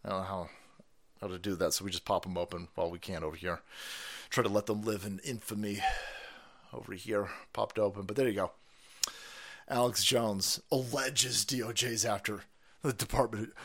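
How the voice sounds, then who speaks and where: A man hosting a livestream, ranting sarcastically with profanity and shouted outbursts. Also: on the low side, fairly even intonation, normal speed, pauses often. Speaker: livestream host. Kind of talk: ranting political commentary.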